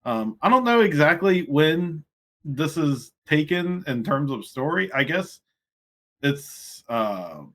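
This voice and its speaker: A man's voice: on the high side, big pitch swings, slow, a bit bright. A man co-hosting a casual gaming podcast, chiming in with background facts. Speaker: podcast co-host.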